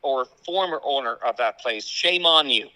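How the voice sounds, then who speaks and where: A man with an Italian accent, a guest in a casual chat, talking in an animated way. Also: mid-range voice, normal speed, dry recording, low-quality recording. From Italy. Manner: animated, acts out family quotes.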